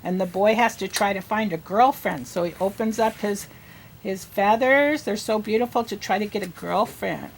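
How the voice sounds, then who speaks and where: A woman teaching children to read, sounding out letters and words slowly and asking them questions in an encouraging way. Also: mid-range voice, vocal fry, slight background noise. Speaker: reading teacher. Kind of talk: early reading lesson.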